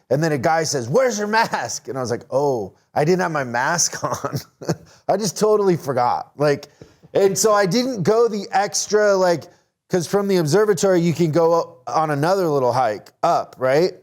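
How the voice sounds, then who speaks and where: A man hosting a relaxed conversation over a video call, telling his story with plenty of animation and laughter. His voice sits a little high for a man. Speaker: host. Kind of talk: casual storytelling chat.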